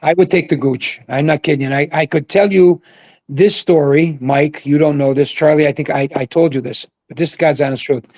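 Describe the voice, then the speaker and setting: An older man, a former pro bowler, telling rambling, animated stories over a video call and shouting out the quoted lines. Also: fairly high pitch, fairly quick, no echo, lo-fi sound. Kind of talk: casual storytelling on a livestream. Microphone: video call mic.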